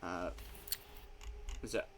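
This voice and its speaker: A man's voice: extremely slow, fairly bright tone, slight background noise. A man narrating as game master of a tabletop role-play, hesitant and full of fillers.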